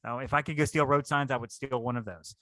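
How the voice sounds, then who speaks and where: Fast, bright-voiced man. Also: medium pitch, steady tone, dry recording. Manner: rambling, enthusiastic, repeats words. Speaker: podcast co-host. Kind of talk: casual chat.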